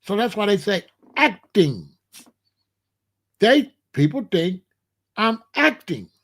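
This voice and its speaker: His voice sits high and swings widely in pitch, a bit bright and slightly rough. The speaker is a man in his sixties hosting his own show, giving a casual, emphatic monologue full of repetition and drawn-out phrasing.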